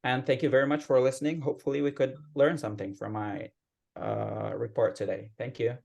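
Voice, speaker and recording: A man's voice: medium pitch, brisk, gravelly, lo-fi sound. A man giving a patient, explanatory grammar report as club grammarian at an online meeting, speaking over a video call. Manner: patient explaining, steady teacherly tone.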